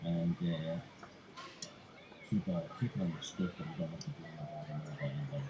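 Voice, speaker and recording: A man's voice: rumbling low, steady tone, normal speed, background noise. A man hosting a live stream, chatting in a rambling way, swearing and acting out quoted people. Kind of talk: rambling casual chat.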